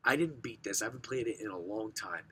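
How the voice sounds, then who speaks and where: A young man with a hoarse, rough voice from recent sickness, casually showing off his game collection, rambling and clearing his throat. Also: lowish voice, animated, quick pace, a bit bright, slight background noise. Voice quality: rough, smoker-sounding voice. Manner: rambling, self-correcting, frequent throat clearing.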